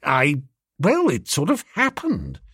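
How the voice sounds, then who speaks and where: A man voicing an impulsive young gentleman who talks in a chummy, excitable way. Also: on the high side, slow pace, breathy edge, dry recording, studio quality, exaggerated voice. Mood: breezy.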